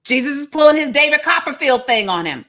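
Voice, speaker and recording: A woman's voice: high voice, lively intonation, fast, sharp tone. A woman leading a casual livestreamed Bible study, teaching with playful, slangy asides.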